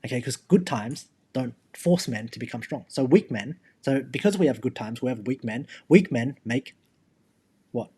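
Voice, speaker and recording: A man's voice: mid-range voice, lively intonation, normal speed, dark tone, husky. A young man co-hosting a podcast, talking bluntly and emphatically in casual chat, swearing freely. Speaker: podcast co-host.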